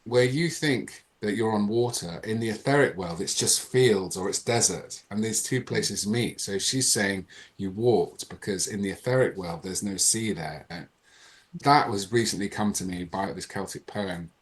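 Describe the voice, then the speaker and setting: A man, a podcast guest, telling a personal story in a lively, animated way. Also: on the low side, normal speed. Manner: animated, reenacts dialogue in changing voices. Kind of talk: casual storytelling.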